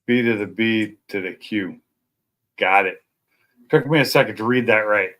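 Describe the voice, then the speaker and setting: A man's voice: lowish voice, normal speed, a bit bright, a little hiss or hum. Male stream host, casual home chat, easygoing and self-deprecating, mid-range voice. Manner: rambling, chatty, self-deprecating. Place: at home at night.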